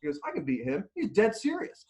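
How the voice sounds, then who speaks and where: This middle-aged nutrition and strength coach has a voice that sits high and moves a little fast. Telling stories in a casual interview, he's animated, laughing and often starting over.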